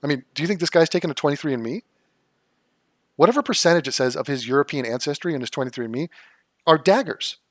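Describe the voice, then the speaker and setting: A man's voice: a little high, animated, fast. A man hosts a reaction commentary in a sarcastic, mocking tone. His exasperation spills into incredulous rhetorical questions. The sound is close and dry, with no room echo. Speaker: political commentary host. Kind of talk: reaction commentary on a debate clip.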